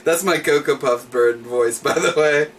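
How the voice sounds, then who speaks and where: A man's voice: on the high side, a little slow, fairly bright tone, recorded from a distance, a little hiss or hum. A man hosting a livestreamed trivia night, reading each question twice and chatting with small laughs in between.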